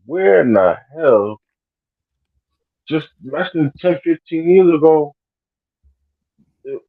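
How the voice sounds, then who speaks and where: A man's voice: medium pitch, dry recording. A man co-hosting a casual podcast, telling a loose conversational story. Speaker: podcast co-host. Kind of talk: casual chat. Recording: tinny phone-like dry audio.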